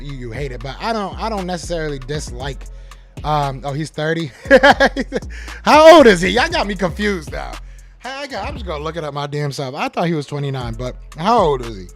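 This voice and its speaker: A man hosting a live sports podcast, reading chat comments aloud and answering them with animated trash talk. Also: a little high.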